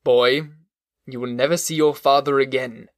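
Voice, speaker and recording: Man doing a cold vengeful creature, slow deliberate menace, mid-pitched, dry close read. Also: fairly even intonation, no room sound, natural voice. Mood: grim, vengeful. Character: vengeful grown male creature, bitter and cold.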